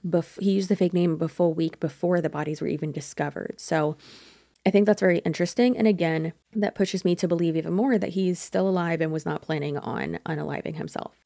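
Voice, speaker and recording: Chatty woman with a gravelly voice. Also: lowish voice, steady tone, brisk, dark tone, dry recording, clean studio sound. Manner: chatty, speculative, self-correcting. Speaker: true crime podcast host. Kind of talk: casual true crime narration.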